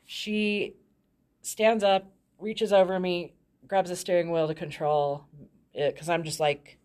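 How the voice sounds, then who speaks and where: Low-voiced woman, frank storyteller. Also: little pitch movement, takes it slowly, a little mellow. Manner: frank, laughs often mid-sentence. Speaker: guest telling her life story. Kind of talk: candid personal storytelling.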